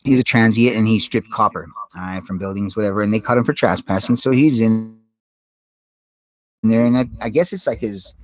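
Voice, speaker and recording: A man's voice: on the low side, a little fast, rough recording. Rambling profane man, streetwise talk. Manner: rambling, profane, streetwise, says "dude" a lot. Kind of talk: casual monologue vlog. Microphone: desktop USB microphone.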